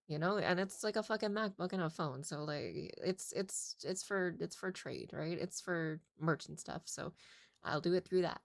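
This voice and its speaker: A woman's voice: fairly low pitch, normal speed, vocal fry, no echo, clean studio sound. A woman content creator telling a casual story in a rambling, exasperated way, swearing often. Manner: rambling, profane, exasperated retelling.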